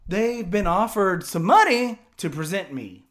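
Excitable, bright-voiced storyteller man. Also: high voice, a little slow. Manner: animated, profane, stammers and repeats words. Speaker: podcast guest telling a story. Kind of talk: casual storytelling.

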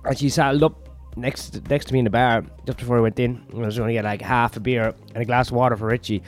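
A man's voice: medium pitch, fairly even intonation, fast talker, soft background music. Tired swearing man rambling on a podcast. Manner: crude, self-mocking, swears constantly. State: tired, run-down. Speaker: comedian podcast host.

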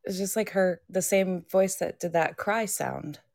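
A woman's voice: fairly low pitch, a little slow, creaky, a little mellow, no room sound, studio quality. A woman co-hosting a podcast, reacting to stories and asking follow-up questions. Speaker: co-host. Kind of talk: casual podcast chat.

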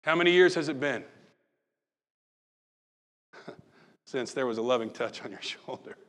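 A pastor preaching a sermon, moving from loud acted-out calls to soft, hushed talk. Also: male voice, mid-range voice, long reverb tail.

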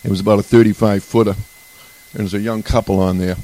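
A man's voice: on the low side, level tone, brisk, mellow, poor audio. A man sharing a personal story at a recovery group meeting, speaking in a rambling, conversational way with restarts. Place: retreat meeting room.

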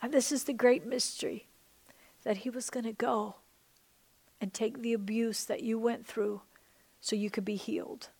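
A woman's voice: fairly high pitch, steady tone, moderate pace, darkish tone, husky. Fervent woman pastor leading prayer. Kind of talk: sermon prayer ministry.

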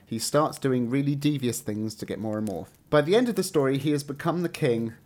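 An English man co-hosts a podcast and reads out listener messages in a mid-pitched voice. He stretches out his words for effect and adds playful asides between the messages. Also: a little fast, a little mellow. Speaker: podcast co-host. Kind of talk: casual chat, reading listener messages aloud.

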